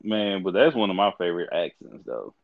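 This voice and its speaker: Profane animated man on a podcast. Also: deep voice, brisk, vocal fry, narrow, tinny audio. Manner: profane, animated storytelling with frequent laughs. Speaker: podcast host. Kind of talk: casual podcast chat.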